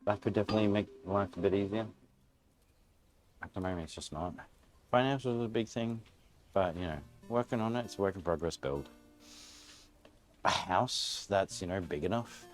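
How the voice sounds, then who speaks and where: A man's voice: low voice, normal speed, long pauses, faint music behind. An Australian man streaming live from his home garage, chatting casually and candidly in a rambling way while he cooks. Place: single-car garage at home.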